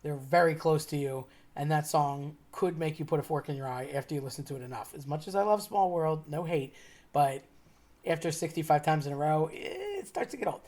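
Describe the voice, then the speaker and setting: Woman, low voice, casual anecdote, chatty, laughs while talking. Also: a little fast, warm tone. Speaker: storyteller.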